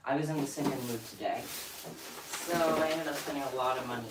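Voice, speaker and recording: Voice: medium pitch, normal speed. A livestream host talking casually, out of breath and chatty, with a scattered, giggly way of talking. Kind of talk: casual live stream chat. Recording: roomy echo, distant mic, faint noise.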